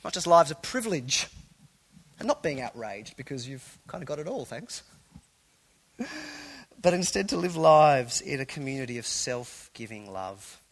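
A man preaching a sermon to a congregation in a church, animated and conversational, with playful asides. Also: mid-range voice, normal speed, pauses often, low-quality recording. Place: church hall before a congregation.

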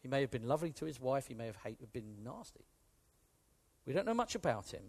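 A British man preaching a sermon with a British accent, in an animated, conversational way that swings from hushed to emphatic. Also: mid-range voice, fairly quick, vocal fry, slightly rough. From Britain.

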